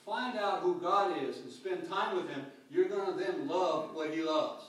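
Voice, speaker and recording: A pastor preaching a sermon with dynamic swings between loud calls and hushed, quiet lines. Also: male voice, high voice, measured pace, distant mic. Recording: echoey hall picked up from afar.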